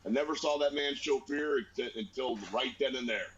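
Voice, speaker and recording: A man co-hosting a casual chat, telling family stories with lively put-on voices. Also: moderate pace, dull audio. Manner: animated storyteller, squeaky voice for grandma. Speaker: podcast co-host.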